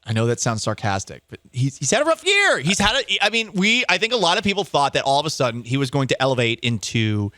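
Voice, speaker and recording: A man hosting a sports talk show, bantering in an animated, sarcastic and emphatic way into a studio microphone. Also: a little high, fast, few pauses, dry recording.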